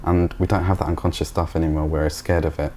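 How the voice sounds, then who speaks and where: A man's voice: very deep voice, little pitch movement, fast, dark tone, slight background noise. A man speaking as a guest in a casual spiritual conversation, reflective and thoughtful.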